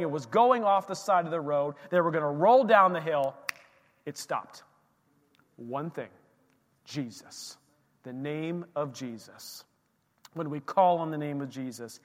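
A man preaches with a high, light voice, leaning hard on repeated phrases and rising and falling in volume. His words ring out with a long reverb, like a church hall. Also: fairly bright tone. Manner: emphatic, repeating key phrases with swings in volume. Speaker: pastor. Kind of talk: sermon. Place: church sanctuary.

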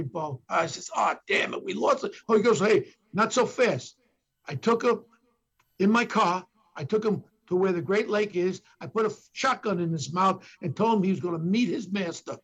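An older man with a thick New York accent spins a police story in a gravelly, husky voice. He sits high in the male range and leans hard into the lines he quotes, playing each person in the tale. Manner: acts out quotes from others with emphatic bursts. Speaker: former police detective telling stories as a podcast guest. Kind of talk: animated storytelling.

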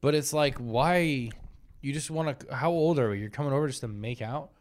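A young man co-hosting a casual podcast, joking and reacting loudly, swearing often. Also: medium pitch, moderate pace. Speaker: podcast co-host, comedian.

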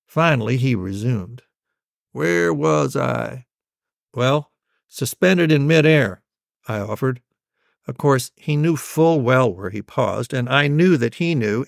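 A man, a storyteller, telling a family story in an unhurried, wry way. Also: medium pitch, vocal fry, no room sound, clean studio sound.

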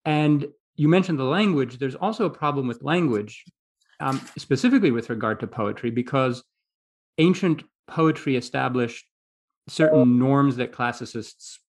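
Male interviewer, gravelly, rambles through long framing questions. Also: medium pitch. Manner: thinking aloud, rambling.

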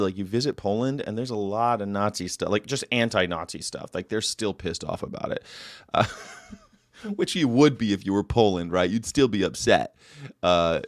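Male host, lowish voice, loose and jokey, dry close-mic read. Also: no echo. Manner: rambling, jokey, lively asides. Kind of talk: casual livestream chat.

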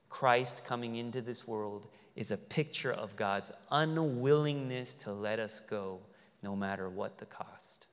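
Somewhat low and a little slow, this pastor's smooth, resonant voice carries an earnest sermon. Emphatic, booming moments give way to soft, tender ones, all trailing a long reverb through a big hall.

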